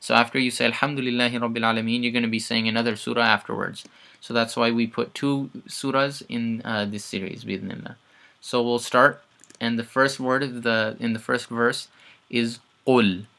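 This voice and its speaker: Bright-voiced man teaching Quran recitation. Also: medium pitch, flat delivery, normal speed, creaky. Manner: explains sounds step by step, repeats words, chants recited verses loudly. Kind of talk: casual recitation lesson.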